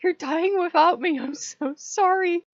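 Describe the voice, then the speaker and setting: A woman's voice: very high-pitched, measured pace, dry recording, muffled recording, pitched above the performer's own voice. A woman voicing a panicking male trickster god who keeps gushing apologies. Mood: frantic apology.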